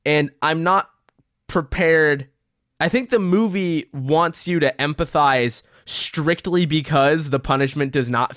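Sarcastic, profane man, slightly high voice. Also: fairly bright tone, no echo, clean studio sound. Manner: blunt and profane, sarcastic plot recap. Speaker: podcast co-host reviewing a movie. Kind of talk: casual chat.

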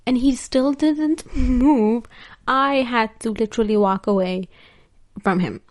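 A woman's voice: on the high side, slow pace, a little mellow. A young woman vlogger telling a story in casual chat, laughing often and using lots of filler words.

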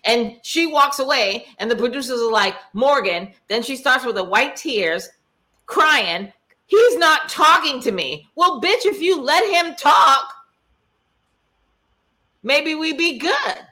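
A woman co-hosting a casual recap chat over a video call, blunt and animated, acting out what others said. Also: sits high, slow. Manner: blunt, animated, acts out quotes. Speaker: podcast co-host.

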